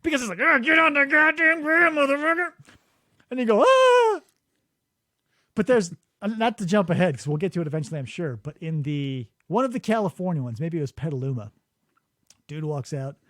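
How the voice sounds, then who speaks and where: A man hosting a podcast in casual chat, telling stories in an animated way, acting out quotes and swearing freely. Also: on the high side, fast, dry recording, studio quality. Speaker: podcast host. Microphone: studio microphone.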